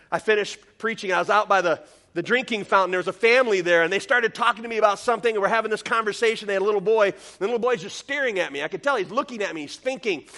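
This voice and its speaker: Lively, bright-voiced male pastor preaching. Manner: animated, self-deprecating, jumps into high voices for comic quotes. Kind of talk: sermon with storytelling.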